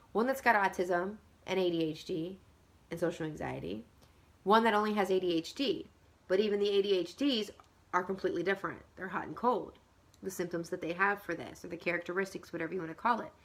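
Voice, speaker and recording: Earnest, animated mother giving advice. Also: medium pitch. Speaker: mother of two. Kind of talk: casual advice talk.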